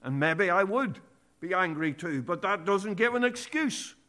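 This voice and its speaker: A man's voice: high-pitched, expressive, measured pace, bright, forceful tone. A man preaching a sermon, earnest and emphatic, quoting scripture word for word.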